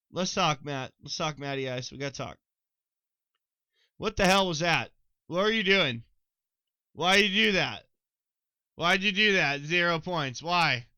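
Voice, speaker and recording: A young man with a twang rattles through a solo sports podcast in a bright, sharp voice that sits a little high. He is excitable, talks right to his listeners and swears freely. The sound is crisp and dry, close on the mic. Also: no echo, low-quality recording. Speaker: podcast host.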